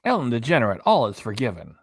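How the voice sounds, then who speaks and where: With a husky, medium-pitched voice that swings hugely in pitch, a man talks fast as host of a reaction livestream. He rambles chattily and reads viewer comments and web pages aloud, with clean studio sound and no echo.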